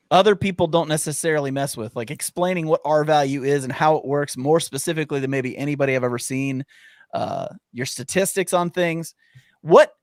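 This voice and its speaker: A man's voice: a little high, dry recording, studio quality. A man co-hosting a backpacking podcast livestream, talking in an upbeat, rambling, casual way and hyping up his guest. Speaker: podcast co-host.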